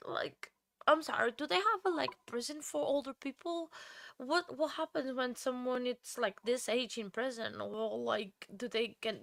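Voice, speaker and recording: A woman's voice: on the high side, a bit bright, no echo. A woman hosting a casual true crime livestream, tired and emotional, rambling with many restarts and answering viewers by name. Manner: emotional and heartfelt. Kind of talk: casual live stream chat.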